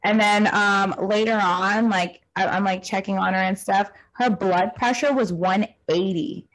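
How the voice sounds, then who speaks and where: A woman's voice: medium pitch, unhurried, low-quality recording. A woman co-hosting a casual chat, telling stories animatedly, swearing freely and acting out what she said. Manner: animated storyteller, swears freely, acts out her own quoted lines. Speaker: podcast co-host.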